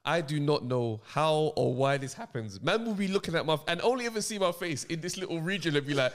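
A man's voice: on the high side, lively intonation, fast talker, few pauses. A young man, co-hosting a podcast, talking in a confident, preachy, slangy way. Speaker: podcast co-host. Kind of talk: casual banter.

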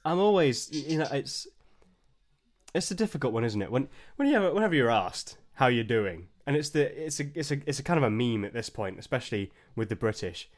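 A man's voice: mid-range voice, animated, brisk. A man with a mid-range voice hosts a casual podcast chat. He rambles through his stories and often stumbles and restarts his words. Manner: stammering, rambling storyteller. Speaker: podcast host.

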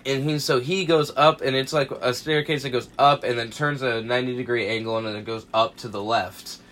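A man in his twenties, a podcast co-host, telling a rowdy story casually, swearing freely and acting out quotes loudly. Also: mid-range voice, steady tone, a little fast, a little hiss or hum.

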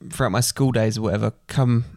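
A man's voice: on the low side, steady tone, quick pace, a little mellow, no room sound, clean studio sound. A young man with an Essex estuary accent, co-hosting a podcast in a chatty, teasing way, often hesitating with ums. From England. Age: young adult. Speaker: podcast co-host. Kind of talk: casual chat.

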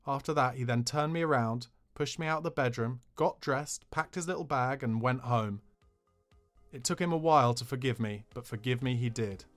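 A man's voice: medium pitch, normal speed, a bit bright, faint music behind. Cheeky man reading a memoir. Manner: dry, cheeky storytelling. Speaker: podcast narrator.

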